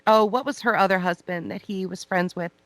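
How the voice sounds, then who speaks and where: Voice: mid-range voice, brisk, a bit bright, no echo. A podcast co-host in casual chat, making sardonic, mocking remarks.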